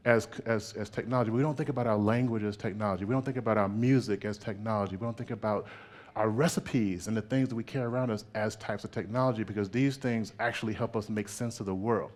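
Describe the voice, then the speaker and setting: A man giving a public artist talk in an animated way, laughing often and checking in with "right?". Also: on the low side, fast.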